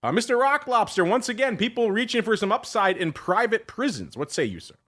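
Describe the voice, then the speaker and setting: Lively, bright-voiced podcast host. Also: male voice, sits high, fairly quick. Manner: jokey, lively. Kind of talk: casual podcast hosting.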